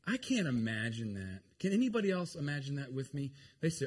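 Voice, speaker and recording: A man preaching a lively, joking sermon to his congregation. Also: medium pitch, brisk. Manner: animated, jokey, talks to the congregation. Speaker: pastor.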